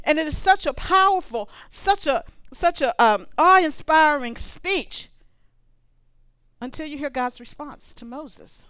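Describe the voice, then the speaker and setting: A woman preaching a sermon, conversational and animated, reading scripture aloud between comments. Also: sits high, moderate pace, dry recording.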